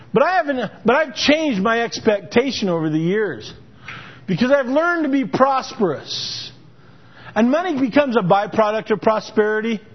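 High-voiced preacher telling a story. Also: male voice. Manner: conversational storytelling with frequent restarts and repeated words. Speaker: pastor. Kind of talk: sermon with personal story. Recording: dull lo-fi recording.

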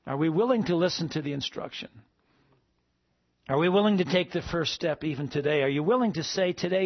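A man preaching a sermon to a congregation, rising to emphatic peaks and then dropping soft. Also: sits high, fairly quick, no room sound, dull audio. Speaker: pastor.

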